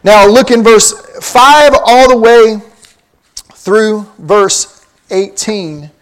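A man's voice: high voice, drawn-out words, clean tone. A man preaching a sermon, reading scripture aloud and explaining it emphatically, with rhetorical questions to his listeners. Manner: reads scripture aloud in old-fashioned wording, then explains in plain talk.

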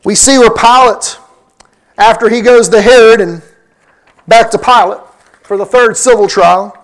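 A man's voice: sits high, fairly even intonation, unhurried, fairly bright tone, poor audio. A man preaching a sermon, teaching from scripture verse by verse and acting out the lines he quotes. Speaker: pastor.

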